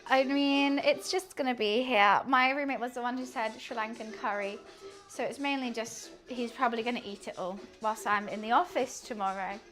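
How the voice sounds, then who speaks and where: Young British woman, live streamer; high voice, loose and chatty, curses casually while cooking. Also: moderate pace, fairly bright tone, soft background music. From United Kingdom. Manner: chatty, laughs often, swears casually.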